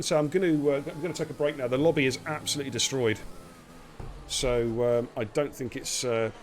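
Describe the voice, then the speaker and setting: A man's voice: fairly high pitch, slight background noise. Chatty man hosting a live stream. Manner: chatty, relaxed and jokey. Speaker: esports race league host. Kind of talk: casual live-stream commentary.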